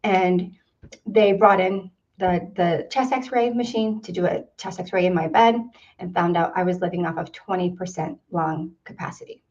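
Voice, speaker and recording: A woman's voice: fairly low pitch, fairly even intonation, normal speed, a little mellow. A woman speaking at a seminar, telling a personal story in an earnest way and repeating words for emphasis. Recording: distant, dull lo-fi sound.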